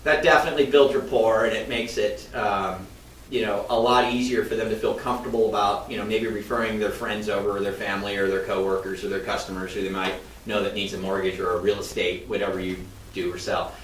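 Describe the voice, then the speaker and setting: A man's voice: level tone, fast talker, fairly bright tone, slight background noise. A man in casual podcast storytelling, a mortgage loan officer who acts out the voices he quotes. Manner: chatty, acts out quoted voices with shifting pitch. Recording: roomy, slightly distant mic.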